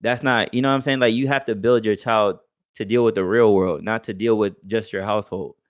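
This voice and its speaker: A young man with a fairly low voice talks casually on a podcast. He is loose and profane, and he keeps slipping into other people's voices to act out what they said. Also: fairly even intonation, a little fast, no room sound, dull audio. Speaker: podcast co-host. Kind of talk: casual chat.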